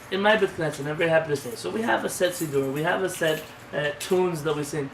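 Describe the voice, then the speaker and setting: Here the rabbi talks fast with few pauses, his voice on the high side, as he leads his informal class in an emphatic, conversational style full of rhetorical questions. A distant mic captures roomy sound and faint noise.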